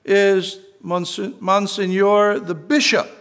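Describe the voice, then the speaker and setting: A preacher reading as a curt police corporal. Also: male voice, high-pitched, little pitch movement, slow pace, fairly bright tone, pitched above the performer's own voice, full character voice. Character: stern male police corporal.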